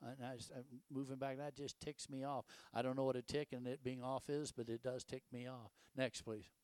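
A man's voice: mid-range voice, little pitch movement, brisk, a little mellow, smooth, no echo. An older man, preaching a casual, folksy sermon full of rhetorical questions and stories. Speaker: pastor.

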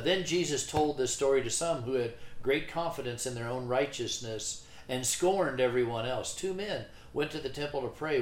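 A man reading scripture aloud in a Bible study, steady, with brief replies to the leader. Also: medium pitch, echoey room, a little hiss or hum. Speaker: scripture reader, co-host.

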